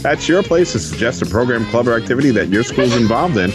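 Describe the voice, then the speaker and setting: Lively-voiced male radio host. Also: mid-range voice, fast talker, over music. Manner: encouraging, asks children gentle follow-up questions. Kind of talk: radio interview with schoolchildren. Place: radio studio.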